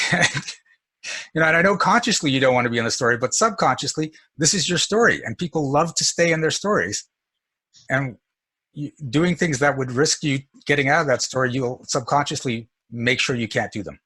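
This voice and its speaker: Husky man teaching energy work. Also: medium pitch, expressive, a little fast, bright, forceful tone. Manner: casual, storytelling, chuckles often. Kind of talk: teaching session with a participant.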